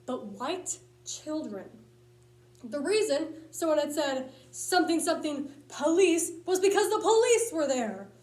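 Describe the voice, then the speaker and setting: High-voiced woman performing a comic monologue. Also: a little slow, reverberant. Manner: lively, punchy comic storytelling. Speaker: speech tournament competitor.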